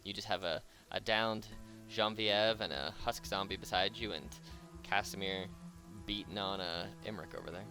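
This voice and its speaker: A man's voice: low voice, fairly even intonation, moderate pace, music in the background. A man running a tabletop game as game master, narrating casually with fillers and laughs.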